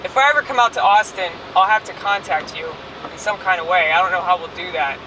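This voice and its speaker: Talking fast in a fairly low voice, an online comedian rambles through a profane driving rant, filming herself on her phone. The mic is distant and background noise from the moving car comes through.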